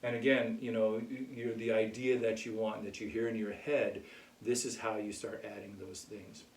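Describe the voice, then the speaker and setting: A man teaching a casual music lesson in a relaxed way, often checking in with "okay?". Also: lowish voice, normal speed, slight background noise. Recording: echoey room, mic far off.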